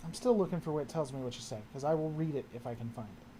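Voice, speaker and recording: A man's voice: fairly high pitch, racing, dark tone, slight background noise. A man hosting a casual livestream, answering chat and often trailing off and restarting his sentences.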